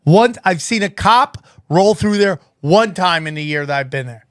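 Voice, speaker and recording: Man, high voice, casual podcast story, acts out quotes, dry close sound. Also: moderate pace, no echo. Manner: animated, acts out quotes, rising to shouts. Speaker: podcast co-host.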